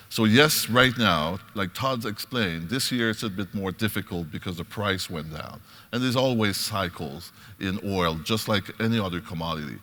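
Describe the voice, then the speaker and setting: Economist on a panel, really low voice, stops and restarts a lot, echoey hall. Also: male voice, fairly bright tone. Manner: halting, restarts sentences. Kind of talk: panel discussion. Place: large conference hall. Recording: reverberant hall sound.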